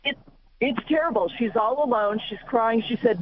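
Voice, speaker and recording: A woman's voice: a little high, normal speed. A woman calling in to a talk show, indignantly retelling a complaint in a rush. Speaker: caller. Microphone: phone. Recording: tinny phone line with faint hiss.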